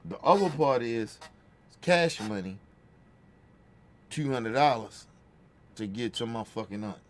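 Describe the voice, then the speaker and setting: A man's voice: mid-range voice, lively intonation, slow pace, slight background noise. Guy telling a long family story, casual and cussing a lot, keeps saying right?. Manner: profane, conversational, repeats "right?" often. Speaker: podcast host.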